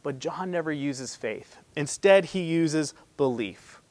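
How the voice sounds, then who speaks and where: Raised-pitch pastor, dry close sound. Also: male voice, animated, slow, dry recording. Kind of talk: sermon.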